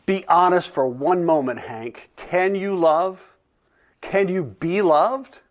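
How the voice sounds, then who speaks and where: A man voicing a calm, direct divine judge who speaks in a measured, solemn way in a dramatic reading. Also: sits high. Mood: stern.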